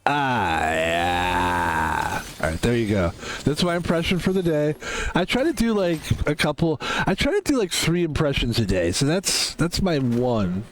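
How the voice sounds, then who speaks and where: A male streamer talking off the cuff during a game. His voice sits a bit high and swings widely up and down, and he rambles from thought to thought with a self-mocking, foul-mouthed streak. The talk is loose and unscripted. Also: very animated, normal speed, a little hiss or hum. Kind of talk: casual chat while gaming on stream.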